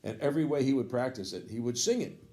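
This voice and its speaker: A man's voice: medium pitch, quick pace, mellow. A man and jazz educator telling a casual, rambling story, losing his thread and picking it back up with fond asides.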